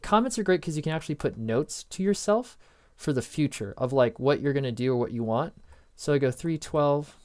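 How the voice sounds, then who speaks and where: In a casual programming tutorial recorded from his screen, a man works through his notes in a rambling way, cracking jokes and often interrupting himself. He has a smooth, a little mellow, mid-range voice.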